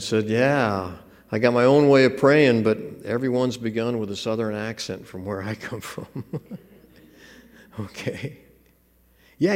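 Lively preacher in an echoing hall. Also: male voice, medium pitch, vocal fry. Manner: conversational, joking asides. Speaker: pastor. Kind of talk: sermon.

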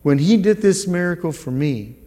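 A middle-aged man giving a spoken church testimony, earnest and halting, often repeating his words. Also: sits high, lively intonation, warm tone. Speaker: guest speaker giving a testimony. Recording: long reverb of a large hall.

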